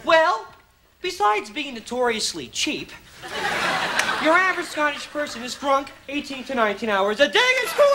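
A man playing a pompous accent teacher in a comedy sketch, with sudden shouts. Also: very high-pitched. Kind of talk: sketch comedy in front of a live audience. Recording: live studio audience laughter and noise.

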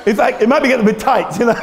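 A Canadian man preaching a sermon in a church, animated and jokey, laughing often and breaking into shouts. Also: extremely high pitch. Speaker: pastor. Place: church hall. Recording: long hall reverb.

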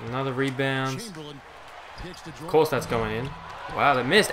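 A young man commentates live over his own basketball video game, exasperated and cursing as he swings from loud outbursts to low muttering. He talks a little slowly, with a crowd audible in the background.

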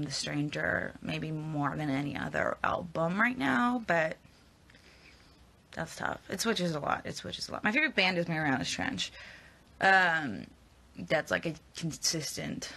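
Young actress chatting casually with fans on her phone; bright, edgy tone, chatty and rambling. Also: deep voice, vocal fry. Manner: chatty, giggly, rambling with fillers. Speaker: actress answering fan questions. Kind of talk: casual live Q&A chat.

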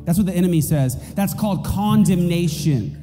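A man's voice: high voice, normal speed, warm tone, in a large hall, faint music behind. A man preaching a sermon as pastor, emphatic and repeating his key points. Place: church auditorium.

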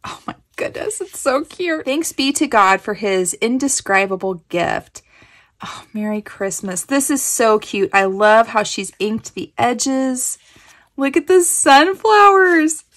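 A woman's voice: on the high side, lively intonation, takes it slowly, a bit bright. A woman from Kansas hosting a crafting vlog, gushing with effusive thanks as she unpacks a gift package. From Kansas, USA. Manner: gushing, effusive, breathy exclamations. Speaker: crafting channel host. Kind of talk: casual show-and-tell of a gift package.

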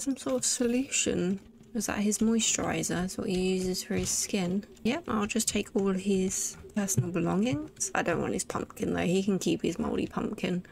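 A woman chatting through a let's play in an unhurried, gravelly voice, joking and muttering to herself as she plays. Her commentary is casual and playful. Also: medium pitch. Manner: chatty, jokey, talks to herself.

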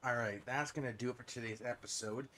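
Narrating a fishing video game, a Canadian-accented man gives casual, chatty commentary punctuated by frequent surprised exclamations. He's a gaming channel host who talks fast in a mid-range voice with fairly even intonation and a bright, forceful tone, over slight background noise.

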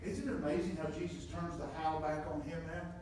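A man preaching a sermon, moving from quiet scripture reading to loud, emphatic points. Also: fairly high pitch, little pitch movement, a little fast, a little hiss or hum. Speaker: pastor. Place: church sanctuary. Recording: echoey room from far off.

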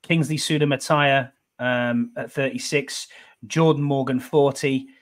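Easygoing podcast host. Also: male voice, medium pitch, fairly even intonation, measured pace. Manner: easygoing, says "mate" a lot, reads lists steadily. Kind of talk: casual chat.

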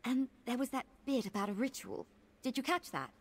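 A woman's voice: high voice, fairly quick. An actress voicing an eager, curious young woman scholar companion in a video game, talking with enthusiasm. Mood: thoughtful.

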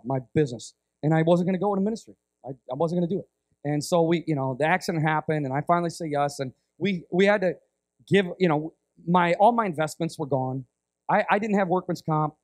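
High-voiced animated American preacher man. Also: fast talker, dry recording, clean studio sound. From United States. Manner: animated, rambling, self-interrupting. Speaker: guest preacher. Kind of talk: sermon storytelling.

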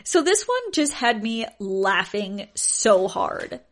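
A woman's voice: medium pitch, sing-song, slow. A young woman hosting a podcast, telling odd stories in a casual chat and often laughing in disbelief. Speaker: podcast host.

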